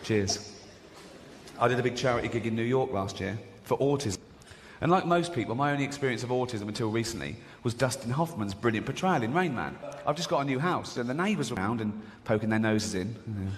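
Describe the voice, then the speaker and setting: A man's voice: medium pitch, lively intonation, a little fast, slight background noise. A middle-aged English man with a mocking, conversational manner, delivering a stand-up routine with frequent stammered restarts. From England. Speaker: stand-up comedian. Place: large theatre stage. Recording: live hall with loud crowd. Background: loud audience laughter.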